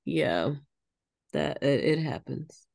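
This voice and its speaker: A woman's voice: extremely low pitch, very animated, slow, vocal fry, darkish tone, no echo, clean studio sound. A woman co-hosting a podcast in casual chat, thoughtful and searching for her words as she explains herself. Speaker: podcast co-host.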